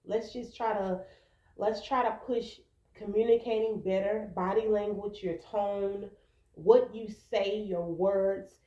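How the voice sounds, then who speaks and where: Mellow-voiced woman giving relationship advice. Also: medium pitch, fairly even intonation, takes it slowly, roomy sound, poor audio. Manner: earnest, repetitive, acts out quoted arguments. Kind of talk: casual advice talk to camera.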